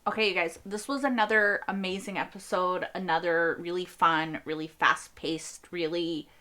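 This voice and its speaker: A young woman hosting a casual reaction video, excitable and swearing as she talks back at the screen. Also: on the low side, moderate pace.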